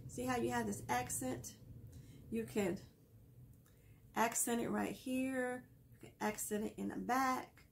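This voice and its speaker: A woman's voice: a little high, steady tone, measured pace, gravelly, long pauses, a little hiss or hum. A woman hosting a casual craft tutorial, chatty and laughing often as she explains each step while she works. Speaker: craft video host.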